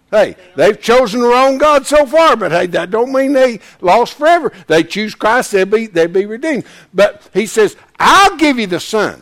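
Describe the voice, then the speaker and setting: A man teaching a Bible class in sermon style, folksy and animated, breaking into shouts to press a point. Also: high voice.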